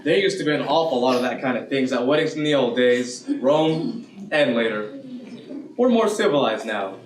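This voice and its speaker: A student actor playing a wry narrator who officiates a wedding, in a school stage play heard from far off in an echoey hall. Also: male voice, mid-range voice, animated, slight background noise, close to an everyday voice. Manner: wry, measured.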